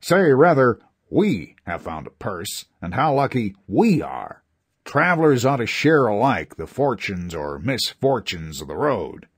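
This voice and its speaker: A man's voice: on the low side, sing-song, a little slow, slightly rough, no echo, full character voice. A man reading a storybook voices a fair-minded traveler lecturing his greedy companion. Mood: wry. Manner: lecturing, dry.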